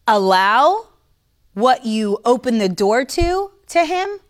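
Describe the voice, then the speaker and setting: A woman with a fairly high voice gives an informal faith teaching straight to her followers. She talks in a relaxed, conversational way, stresses her points hard, and slips into mockery now and then. She stops for sips of coffee between thoughts. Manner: conversational, mocking, emphatic; sips coffee while talking. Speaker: Christian teacher. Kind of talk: casual livestream teaching.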